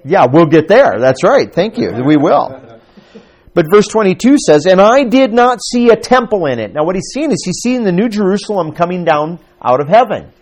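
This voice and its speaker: Animated man preaching a sermon. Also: high-pitched, moderate pace. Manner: conversational, animated, asks the congregation questions. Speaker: pastor.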